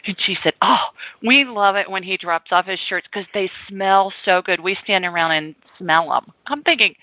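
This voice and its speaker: A woman hosting a call-in radio show, chatty and animated, telling stories and reassuring callers. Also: mid-range voice, normal speed, no room sound, low-quality recording. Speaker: radio show host, psychic.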